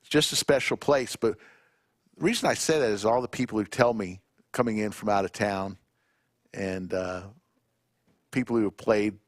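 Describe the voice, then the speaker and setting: A man hosting a live poker stream in a poker room, chatting casually and reading out viewer shout-outs one by one. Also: lowish voice, dry recording, clean studio sound. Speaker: poker livestream commentator.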